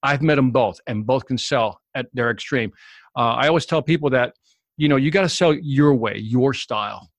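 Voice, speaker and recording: A man telling stories as a guest in an interview, animated and acting out the people in them. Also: mid-range voice, moderate pace, no room sound. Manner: animated storyteller, acts out the people in his stories. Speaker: guest, sales expert. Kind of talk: storytelling in a podcast interview.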